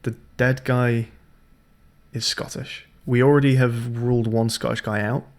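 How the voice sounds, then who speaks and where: A man's voice: medium pitch, flat delivery, unhurried. A young man streaming a puzzle game, thinking aloud in a chatty, hesitant way with lots of ums. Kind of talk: casual let's-play commentary.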